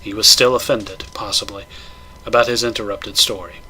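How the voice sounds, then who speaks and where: A man doing a measured, dramatic audiobook-style reading of a horror tale. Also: on the low side, steady tone, sharp tone, slight background noise. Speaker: narrator.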